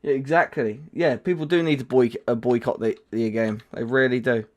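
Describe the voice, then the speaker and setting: A man's voice: mid-range voice, fairly even intonation, moderate pace, a little mellow, muffled recording. A man hosting his own livestream, chatting casually about a game and rambling with lots of fillers and restarts. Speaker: livestream host. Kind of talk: casual gaming chat.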